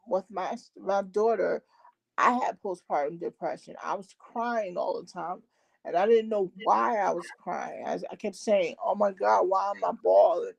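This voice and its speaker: A woman's voice: mid-range voice, gravelly, a little mellow, lo-fi sound. A woman guest who hosts her own podcast, talking candidly and heartfelt about her own experience, with frequent ums. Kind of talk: candid personal conversation.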